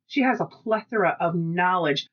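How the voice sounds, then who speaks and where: A woman's voice: on the low side, normal speed, lo-fi sound. Chatty woman telling a story. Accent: Pacific Northwest American. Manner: chatty storytelling, animated quoted dialogue. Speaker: podcast co-host. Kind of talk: casual podcast chat.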